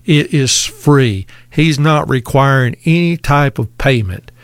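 A man preaching a sermon in a slow, deliberate way, repeating key phrases for emphasis. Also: medium pitch, smooth, no echo.

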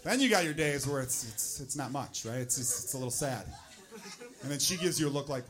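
A man doing a stand-up comedy set, sliding into loud, mocking quoted rants. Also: mid-range voice, brisk.

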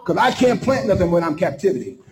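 A male preacher in full flow, pushing his voice up high and leaning on dramatic pauses. The echo around him sounds like a large room. He delivers the sermon with fervor and plays out little dialogues. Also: very animated, background noise. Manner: impassioned, preaching with dramatic pauses and acted-out quotes.

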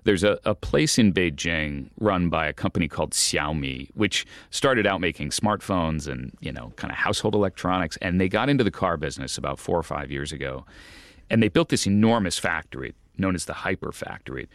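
A man, a journalist guest in an interview, telling a story in an animated way with stumbling restarts and amused asides. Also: sits low, fairly quick, dry recording, studio quality.

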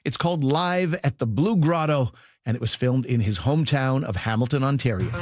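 A man hosting a comedy show, reading brisk promotional announcements. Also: medium pitch, darkish tone. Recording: voice-over with guitar music behind. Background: guitar music.

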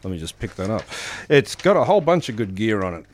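A man's voice: on the low side, sing-song, fast. A man hosting a community radio fundraiser, chatty and jokey, reeling off lists on air. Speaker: radio host. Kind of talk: casual on-air fundraising chat.

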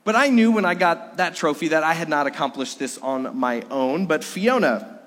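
A middle-aged man preaching with a slightly high voice. His delivery is earnest, sinking to hushed lows before climbing to emphatic peaks. The sound rings with a long hall reverb. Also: animated, normal speed. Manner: earnest, swinging between soft lows and emphatic highs. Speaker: pastor. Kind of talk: sermon.

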